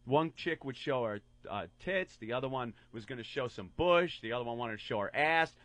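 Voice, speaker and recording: A man co-hosting a radio show, telling a crude story with animated delivery and mocking put-on voices. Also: mid-range voice, normal speed, no echo. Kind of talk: crude comedic radio banter.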